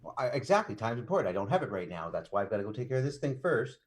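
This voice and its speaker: A man's voice: big pitch swings, rapid-fire. A young man, a player in a tabletop game, joking casually with the group. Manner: joking, swings pitch widely.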